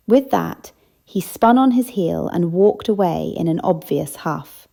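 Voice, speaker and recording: Low gravelly woman reading a story. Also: lively intonation, unhurried, warm tone. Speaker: audiobook narrator. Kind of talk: scripted narration.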